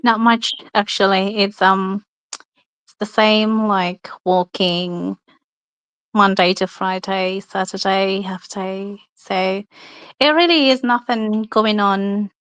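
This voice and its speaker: A woman with a Filipino accent, a guest chatting casually in a soft, unhurried way. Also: medium pitch, steady tone, clear, resonant tone, no echo, rough recording. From Philippines. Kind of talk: casual chat.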